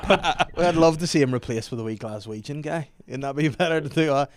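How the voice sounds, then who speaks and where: A man's voice: a little high, gravelly, pushed and bright, dry recording, studio quality. A young man sitting in on a podcast, cracking crude jokes and giggling in casual chat. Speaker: guest co-host.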